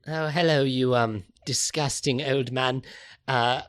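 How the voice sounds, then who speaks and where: A man's voice: medium pitch, fairly even intonation, takes it slowly, fairly bright tone. A man voicing a poor, naive young woman, with a raised, prim voice and a put-on English accent. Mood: pleading.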